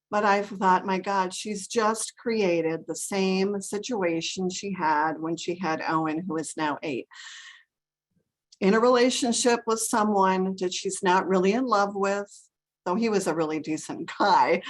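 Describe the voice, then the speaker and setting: An older woman sharing a family worry with her study group over a video call, earnest and rambling, upset and close to tears. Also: mid-range voice. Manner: earnest, rambling, full of fillers. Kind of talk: emotional personal sharing.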